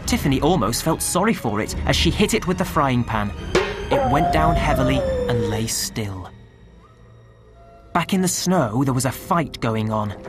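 A woman narrating a storybook in an expressive reading style, recorded close. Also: a bass voice, moderate pace, loud music behind the voice. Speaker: audiobook narrator.

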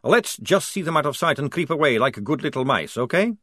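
A man plays a twitchy male vampire soldier in an audiobook, desperate for coffee. He whines and stretches his words, lifting his voice a little above his usual tone, with a lively rise and fall. The recording is dry and close. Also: on the high side, brisk, no echo, voice pushed up, heavily acted. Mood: hushed. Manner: nervous, complaining, drawn out.

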